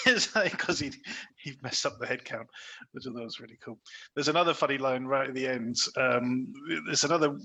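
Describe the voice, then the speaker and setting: Chatty man with a bright, husky voice. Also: mid-range voice, fairly quick, poor audio. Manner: chatty, many fillers and restarts, acts out quoted lines. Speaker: podcast co-host. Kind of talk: casual film review chat.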